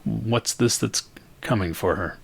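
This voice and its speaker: A man playing a hesitant shopkeeper, low and gravelly. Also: heavily acted. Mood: concerned. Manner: hesitant, measured, trusting.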